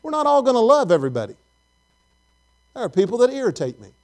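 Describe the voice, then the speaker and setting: A man's voice: very high voice, sing-song, quick pace, a little mellow. A man preaching a conversational sermon to his congregation in church, folksy and full of questions to the people in the pews. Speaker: pastor.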